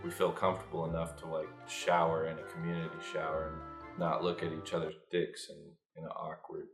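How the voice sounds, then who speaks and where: A young man telling a casual, profane dream story, jumping into loud high-pitched impressions. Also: monotone, fairly quick. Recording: echoey room with faint music.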